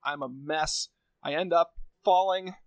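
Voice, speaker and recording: A man's voice: a little high, unhurried, no room sound. A man telling a crude comic story on a podcast, rambling and profane, full of "like". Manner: rambling, heavy on filler "like", profane.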